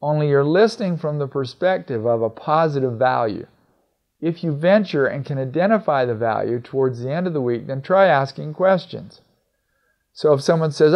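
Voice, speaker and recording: A man's voice: mid-range voice, animated, moderate pace, vocal fry. A middle-aged man giving an instructional talk on communication skills in a conversational way, often acting out bits of dialogue. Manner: conversational, acts out quoted dialogue. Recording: slightly dull, lo-fi recording.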